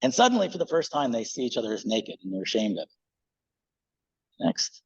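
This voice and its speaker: Male pastor, slightly husky, easygoing church sermon, dull lo-fi recording. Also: mid-range voice, a little fast. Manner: conversational, relaxed, with fillers.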